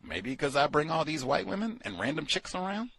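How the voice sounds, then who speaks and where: A man hosting a book club discussion, talking in an animated, incredulous way, with sarcastic asides. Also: a little high, fairly quick, gravelly, husky, no echo. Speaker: podcast host.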